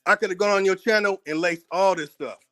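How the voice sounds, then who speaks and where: A man's voice: sits high, fairly quick, fairly bright tone, faint music behind. An American man hosting his own channel, delivering a heated, profane commentary rant, combative and repeating words as he gets worked up. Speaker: channel host.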